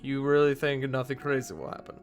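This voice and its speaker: A brash young nobleman, as a game master puts him on, friendly and quick with a joke. He speaks in a tabletop game. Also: mid-range voice, fairly even intonation, faint music behind, lightly acted. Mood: jokey.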